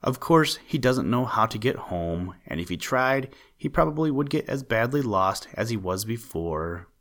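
A man voicing a fretful, talkative male crow in a storybook reading, with a croaky voice, muttering worriedly to himself. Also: mid-range voice, lively intonation, normal speed, a bit bright. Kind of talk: storybook narration.

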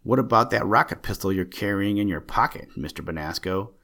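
A man's voice: on the low side, brisk, vocal fry, bright, forceful tone, heavily acted. A man voicing a blunt, suspicious young male sidekick.

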